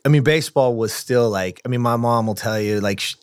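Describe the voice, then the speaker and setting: A man's voice: mid-range voice, brisk, clean tone, no echo, studio quality. A man guest on a podcast, telling a personal story in a casual, earnest way with frequent restarts.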